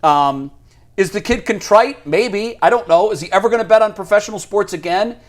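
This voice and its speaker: A man on a sports talk show argues his point with easy confidence. His voice sits a little high, and he often lets out a short laugh at his own remarks. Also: brisk. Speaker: sports radio co-host.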